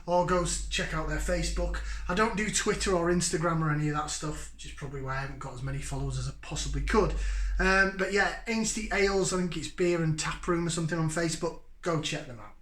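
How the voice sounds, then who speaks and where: A man's voice: a little high, quick pace, fairly bright tone, reverberant. A man in his forties from Yorkshire, hosting a casual beer review vlog in a chatty, jokey, upbeat way. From Yorkshire, England. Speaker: beer reviewer, channel host.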